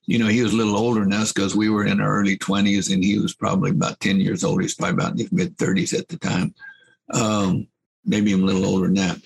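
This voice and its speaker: An older man telling folksy, rambling anecdotes as a guest. He laughs at his own tales and fills pauses with fillers. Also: fairly low pitch, flat delivery, gravelly, slightly rough, low-quality recording.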